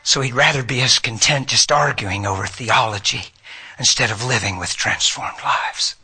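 Male preacher, impassioned sermon, husky voice, bright sharp tone, shouts and whispers. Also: mid-range voice, normal speed. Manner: swings from shouting to whispering, emotional.

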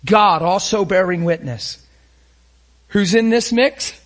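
A male preacher with a husky, slightly raised voice delivers an intense sermon. He moves from loud, emphatic declarations to soft, hushed lines and keeps pressing his congregation with rhetorical questions. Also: high-pitched, takes it slowly.

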